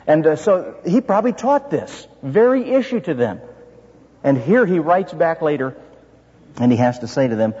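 A man's voice: on the high side, big pitch swings, normal speed, darkish tone, husky. A man preaching an expository sermon as pastor, earnest and full of rhetorical questions. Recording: dull reverberant hall sound.

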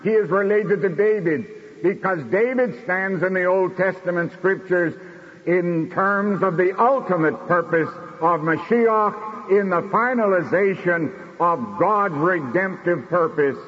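A man preaching a sermon in a measured, declamatory way, slowing down for emphasis. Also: high-pitched, husky. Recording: dull recording in a reverberant hall.

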